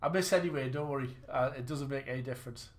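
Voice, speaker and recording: A man commentates his own snooker livestream at a quick pace in a mid-range voice. The talk is casual, full of self-mockery about his play and rambling restarts.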